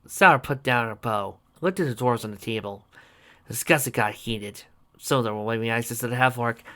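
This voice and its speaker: A steady, even narrator reads a fan fiction story aloud. The voice is bright and forward, with a plain storytelling delivery. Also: mid-range voice, brisk. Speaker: reader.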